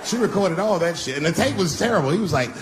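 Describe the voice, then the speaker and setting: Brash middle-aged male stand-up, lively pitch. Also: quick pace, some chatter behind. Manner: brash, crude punchlines with mocking asides. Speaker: stand-up comedian. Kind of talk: stand-up comedy set. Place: live comedy stage before an audience. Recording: live stage recording with audience noise.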